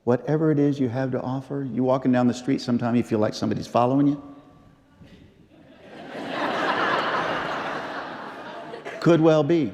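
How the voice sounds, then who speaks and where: Man preaching a slow memorial sermon. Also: mid-range voice, a little hiss or hum. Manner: storytelling, repeats phrases, slow emphatic pauses. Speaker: pastor. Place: large church. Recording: long church reverb.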